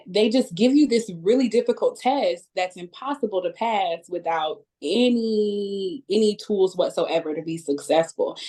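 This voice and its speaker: A woman writer joins a casual talk, her voice slightly low. She speaks candidly and with earnest emphasis. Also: darkish tone. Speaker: guest writer. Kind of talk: casual podcast chat.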